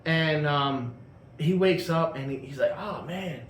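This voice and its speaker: A man's voice: a little high, measured pace, fairly bright tone, slight background noise. A man casually telling a long personal story, rambling with lots of fillers and restarts. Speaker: host telling a car story. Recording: echoey room with faint ambience.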